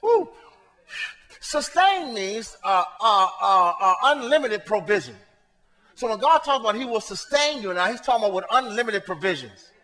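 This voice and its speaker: A male pastor preaching a sermon to his congregation, swinging between soft asides and shouted points, talking to them in a casual, colloquial way. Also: high voice, lively intonation, moderate pace, in a large hall. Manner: colloquial, talks straight to the congregation. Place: church sanctuary.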